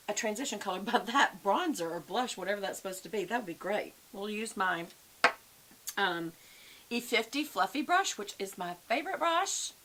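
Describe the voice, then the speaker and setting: This beauty vlogger is an older woman with a Southern US accent who talks chattily through a makeup tutorial, folksy and friendly, addressing viewers as "y'all." She has a mid-range voice with a sharp tone. The recording is rough, with a faint hiss behind it.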